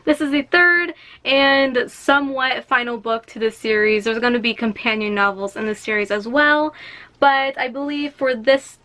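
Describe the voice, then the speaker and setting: High bright chatty young woman. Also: moderate pace. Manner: chatty and excitable, reading synopses aloud. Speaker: book vlogger. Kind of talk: casual vlog.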